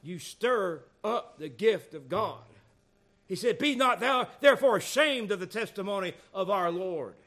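Speaking at a measured pace, the preacher keeps his voice high and sends it arcing up and down with energy. In this sermon he goes from quiet, intimate asides to loud, insistent calls to his listeners.

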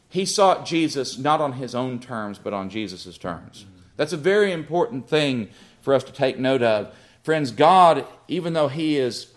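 A middle-aged man preaching a sermon, building emphasis and acting out quoted prayers. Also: on the high side.

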